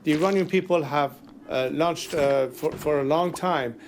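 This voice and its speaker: A middle-aged man answers a news interview in measured, formal sentences, pausing often. His voice sits slightly high. A faint noise runs under the broadcast. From Iran.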